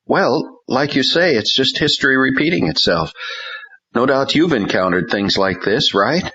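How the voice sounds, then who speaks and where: A man's voice: mid-range voice, lively intonation, normal speed, sharp tone, breathy edge, lo-fi sound, voice pushed up. A man voicing an earnest young male pastor under strain, talking anxiously and defensively.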